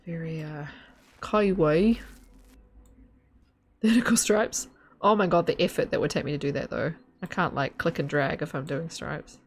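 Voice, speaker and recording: Gravelly-voiced woman streamer chatting casually. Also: sits low, fairly quick, a little hiss or hum. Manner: chatty, rambling, giggly. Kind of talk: casual live-stream chat while gaming.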